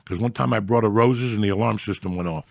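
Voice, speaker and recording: A man with a low, gravelly voice tells crude, profane stories in a loose, chatty way, slipping into the voices of the people he quotes. The sound is close and dry. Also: fast, a little mellow, no echo. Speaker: storyteller guest. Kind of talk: casual storytelling chat.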